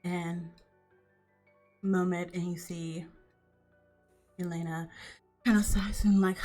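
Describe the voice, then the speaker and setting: A woman's voice: lowish voice, steady tone, slow, pauses often, mellow, soft background music. A woman narrating a tabletop game as game master, slipping into character voices for the quoted lines.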